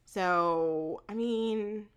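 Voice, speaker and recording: A woman co-hosting a casual movie review podcast, animated, laughing often and swearing freely. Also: medium pitch, extremely slow, clean tone. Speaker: podcast co-host.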